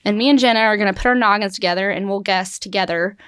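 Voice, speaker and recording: A woman's voice: mid-range voice, fast talker, fairly bright tone. A young woman hosting a casual interview, chatty and bubbly. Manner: chatty and bubbly, laughs easily. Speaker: interview host.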